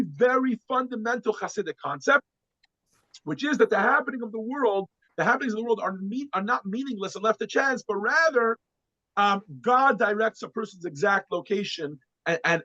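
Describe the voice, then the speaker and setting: Man, high voice, class lecture, stumbling restarts, dry dull recording. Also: dry recording. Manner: repeats words and restarts often, animated when quoting. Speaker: class teacher.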